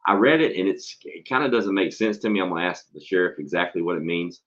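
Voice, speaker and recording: A man's voice: deep voice, expressive, fast talker. A man, a schoolteacher and host, telling stories in casual, profanity-laced chat. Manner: blunt, swears freely, tells stories animatedly. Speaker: podcast host and school teacher. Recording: dull lo-fi recording.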